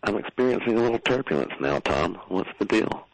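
A man calling in to a comedy talk show, speaking in a calm, soothing, unhurried way. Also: on the low side, dry recording, poor audio. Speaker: caller. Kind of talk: comedic call-in chat.

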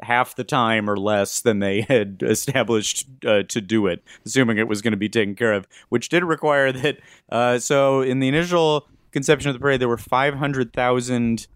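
A man's voice: medium pitch, normal speed, few pauses, clear, resonant tone, no room sound, studio quality. A man hosting a casual podcast chat, telling a story with fillers and asides. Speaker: podcast host.

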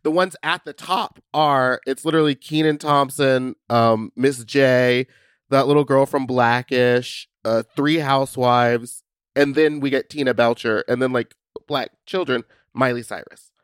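Smooth-voiced man, thoughtful podcast co-host. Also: mid-range voice, steady tone, a little slow, dry recording, studio quality. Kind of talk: casual podcast chat.

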